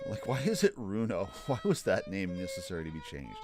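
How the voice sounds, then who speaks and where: A man chatting through a game stream with wry little asides. His voice bounces up and down with lively intonation, and game music plays clearly behind him. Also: low voice, a little fast. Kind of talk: casual let's-play commentary.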